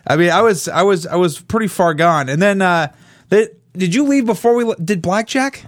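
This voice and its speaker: A man's voice: high voice, moderate pace. A young man chatting casually with a friend, laid-back and chiming in with short reactions. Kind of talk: casual chat.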